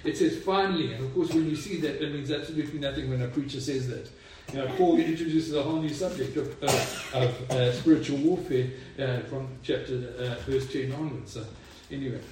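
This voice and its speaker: A man preaching as a pastor, praying and reading scripture, jovial with halting restarts. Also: mid-range voice, steady tone, darkish tone, a little hiss or hum. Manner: jovial, laughs between phrases, halting restarts. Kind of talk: sermon with prayer and scripture reading. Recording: echoey room, voice far from the mic.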